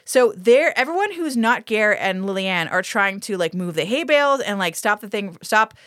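A woman's voice: mid-range voice, expressive, fairly bright tone, no room sound, clean studio sound. A woman co-hosting a podcast, casually recapping a TV episode, swearing freely and breaking into laughter. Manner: laughs often, swears, acts out characters in quick asides. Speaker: podcast co-host. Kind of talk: casual comedic recap chat.

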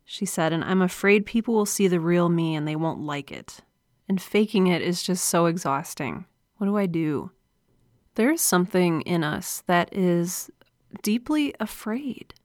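A woman's voice: fairly low pitch, animated, a little slow, a little mellow, no echo, clean studio sound. Earnest woman hosting a podcast. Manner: earnest, confessional and encouraging. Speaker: podcast host. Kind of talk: solo podcast monologue. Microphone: close studio mic.

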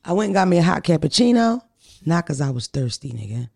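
A woman's voice: low-pitched, sing-song, fast talker, gravelly, a little mellow. A woman hosting a podcast, telling stories in a blunt, profane, casual way. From United States. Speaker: podcast host.

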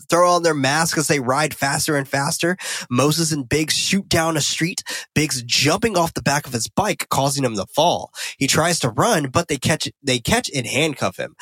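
A man's voice: a little high, fairly bright tone, dry recording. A man co-hosting a podcast, recapping a film in a loose, profane way and often correcting himself mid-sentence. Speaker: podcast co-host. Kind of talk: casual film recap and discussion.

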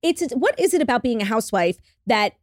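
A woman in her twenties with a Long Island accent, a podcast guest with a quick-witted, gossipy, animated manner. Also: on the high side, no room sound, clean studio sound. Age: 20s. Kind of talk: casual chat.

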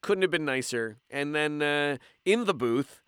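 A man's voice: fairly high pitch, unhurried, smooth, no echo, studio quality. A man from Canada, a voice actor, chatting animatedly in an interview and telling stories from the recording booth. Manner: animated storyteller, slips into impressions. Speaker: voice actor guest. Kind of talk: casual interview chat.

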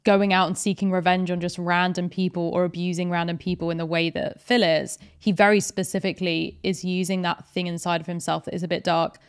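A woman's voice: on the low side, level tone, fairly quick, hardly any pauses, clear, resonant tone. A woman co-hosting a podcast, talking through a film in a thoughtful, analytical way with frequent "like" fillers. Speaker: podcast co-host. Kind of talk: casual film discussion.

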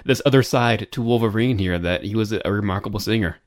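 A man hosting an interview, asking questions and giving calm, brief affirming replies. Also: lowish voice, fast talker, soft background music. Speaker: interviewer, host.

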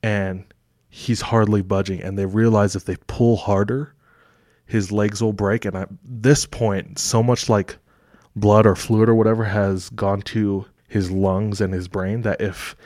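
A man's voice: fairly low pitch, a little mellow, dry recording, studio quality. A man co-hosting a podcast, retelling a story in casual chat with lots of fillers. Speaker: podcast co-host.

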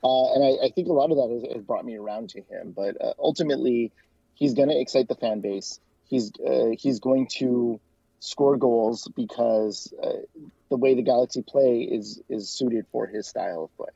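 A man's voice: mid-range voice, vocal fry, mellow, breathy edge, dry recording, dull audio. A man from the United States, a soccer fan and podcast co-host, chatting as a guest with lots of restarts and fillers. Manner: chatty, talks in quick bursts with frequent restarts and fillers. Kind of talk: casual interview.

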